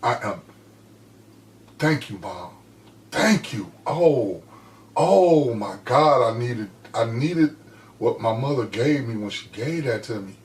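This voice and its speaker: A man shares a personal story in relaxed podcast chat. He is emphatic and heartfelt, his voice rising and dropping low as he talks. He sits back from the mic in an echoey room. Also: slow, long pauses, recorded from a distance. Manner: heartfelt, emphatic, swings between loud and hushed. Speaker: podcast co-host.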